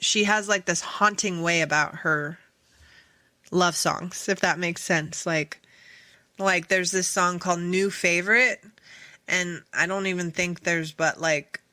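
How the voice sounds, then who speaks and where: A woman's voice: on the low side, no room sound. A woman hosting a casual solo podcast, rambling and chatty with many fillers and self-corrections. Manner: sings song lyrics softly. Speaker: podcast host.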